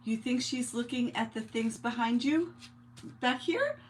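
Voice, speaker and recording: A woman's voice: a little high, unhurried, a little hiss or hum. A woman from New York hosting a live craft stream, chatting casually with viewers and greeting them by name while she works. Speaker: craft livestream host.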